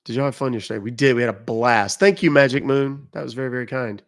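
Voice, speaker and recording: Middle-aged male streamer, loose rambling delivery, quick jokes to chat, average pitch. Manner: rambling, joking asides, reacting to viewer comments. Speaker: live streamer reading chat. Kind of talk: casual live-stream chat.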